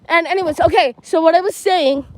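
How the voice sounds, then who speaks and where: A woman's voice: very high-pitched, fairly quick, rough recording. A teenage girl telling a long rambling story on a phone livestream while walking around a school playground, full of "like" and "um". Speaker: livestreaming vlogger. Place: outdoors at a school field and playground. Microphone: handheld phone.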